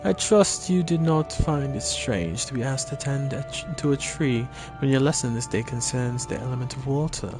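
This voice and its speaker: A man's voice: mid-range voice, normal speed, hardly any pauses, over music, lightly acted. A man voicing a stately male elf conjurer in a put-on mix of Scottish and Irish accents, speaking in a solemn, formal way. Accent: mixed Scottish-Irish put-on. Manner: solemn, formal old-fashioned speech. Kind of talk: voicing game dialogue on stream.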